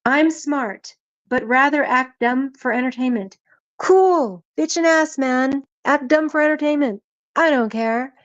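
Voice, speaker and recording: A woman's voice: high voice, a little slow, dry recording, muffled recording. A woman hosting a live stream, chatting casually and teasing people in the chat, her voice worn out. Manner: playful, teasing, reads chat names aloud.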